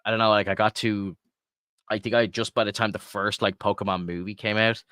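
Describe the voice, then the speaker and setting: A man's voice: fairly low pitch, steady tone, fairly quick, a bit bright, clear, resonant tone, no echo, studio quality. A man from Ireland co-hosting a podcast, chatting casually and rambling with lots of filler words and swearing. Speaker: podcast co-host. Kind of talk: casual chat.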